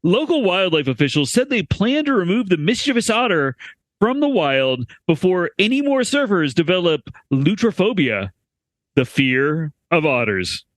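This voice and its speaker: A man's voice: high-pitched, big pitch swings, normal speed, a bit bright, dry recording. A man co-hosting a comedy news podcast, reading stories aloud with playful emphasis.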